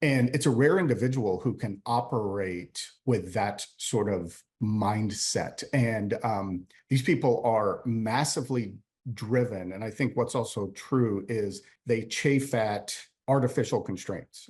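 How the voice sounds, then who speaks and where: Interview guest: a man with a lowish voice, a CEO explaining his views earnestly, lots of fillers. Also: measured pace, darkish tone. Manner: earnest, emphatic, with frequent fillers. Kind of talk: conversational interview answers.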